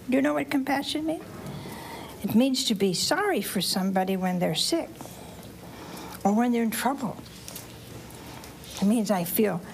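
A woman's voice: a little high, a little hiss or hum. A woman preacher, telling a Bible story in church and asking the listeners questions. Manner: animated, asks the audience questions, acts out voices. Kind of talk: storytelling sermon to children and families.

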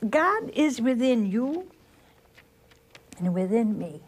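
Slow, lively older woman preaching. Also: fairly high pitch. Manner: slow storytelling with rhetorical questions to the listeners. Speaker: religious sister giving a spiritual talk. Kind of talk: homely sermon.

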